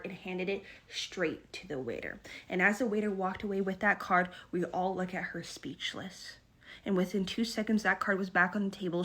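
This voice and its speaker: A woman's voice: medium pitch, slightly rough. Swearing dramatic young woman storyteller. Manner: dramatic, swears often, lots of "okay?". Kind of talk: animated storytime narration.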